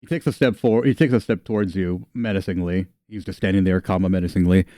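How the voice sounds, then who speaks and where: A man's voice: low voice, fairly even intonation, quick pace, mellow, no room sound. A man narrating as game master of a tabletop game in a casual way, with joking asides.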